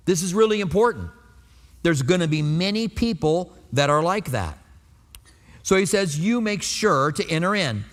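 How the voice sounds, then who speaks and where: A man's voice: high voice, lively intonation, moderate pace, in a large hall. A pastor in his fifties preaching a sermon in a conversational way, asking the congregation rhetorical questions.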